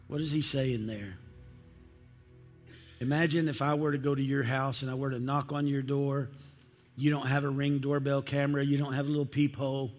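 A man's voice: mid-range voice, fairly even intonation, a little mellow. Preacher man in a reverberant hall. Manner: emphatic, with dramatic pauses and slowed quotes. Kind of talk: evening sermon. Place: church sanctuary. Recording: long hall reverb with faint music.

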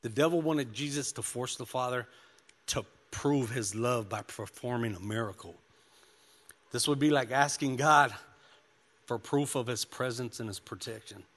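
A man's voice: medium pitch, normal speed, a bit bright. A man preaching a sermon, mixing scripture reading with personal testimony, in an easygoing style full of "you know" and "man.". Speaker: pastor. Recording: long hall reverb.

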